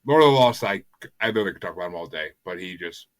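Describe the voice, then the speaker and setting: A man's voice: deep voice, lively intonation, rapid-fire, no echo. A man hosting a music podcast in casual chat, rambling and enthusiastic, often stumbling over repeated words. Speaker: podcast host.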